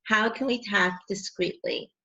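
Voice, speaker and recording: Creaky-voiced woman podcast host. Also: mid-range voice, lively intonation, unhurried, pushed and bright, highs cut off. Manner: enthusiastic, uses Hebrew religious words. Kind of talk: casual interview chat.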